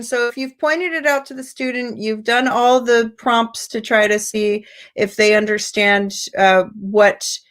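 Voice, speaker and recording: An American woman teacher trainer giving an online lecture, patient and explanatory, her pitch jumping up when she acts out prompts. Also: a bit bright. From United States.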